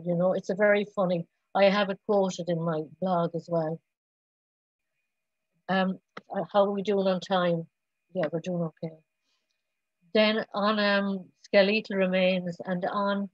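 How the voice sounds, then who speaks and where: A middle-aged woman giving a public lecture on archaeology, rambling and halting with many restarts and fillers. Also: on the low side, dry recording. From Ireland. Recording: dull lo-fi recording.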